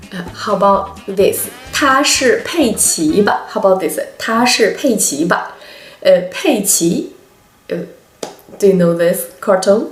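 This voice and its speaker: A woman with a Chinese accent teaching a language lesson, explaining slowly with many pauses and hesitations. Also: medium pitch, roomy sound.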